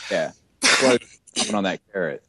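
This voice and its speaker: A man's voice: low-pitched, animated, a little fast, pushed and bright, slightly rough. A man chatting casually with joking, skeptical interjections. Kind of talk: casual chat.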